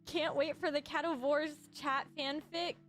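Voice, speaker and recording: A woman streamer chatting casually to her viewers, bubbly and excitable with sudden shrieking outbursts. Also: sits high, measured pace, loud music behind the voice.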